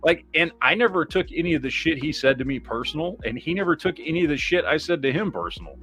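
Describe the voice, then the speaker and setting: A man's voice: on the high side, quick pace, faint music behind. A man hosting a podcast, rambling in casual chat, swearing heavily and reacting to viewer comments. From Michigan, USA. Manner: heavy swearing, rambling, animated. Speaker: podcast host.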